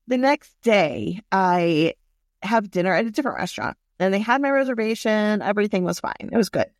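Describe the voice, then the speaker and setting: A woman casually telling a personal story, candid and animated, swearing freely as she goes. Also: medium pitch, moderate pace, no echo, clean studio sound.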